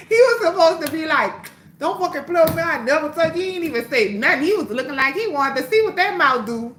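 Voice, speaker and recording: A woman on a livestream telling a story in a casual, animated way, full of swearing, her voice swinging between loud and hushed. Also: sits high, fairly quick. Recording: roomy echo, faint background hum.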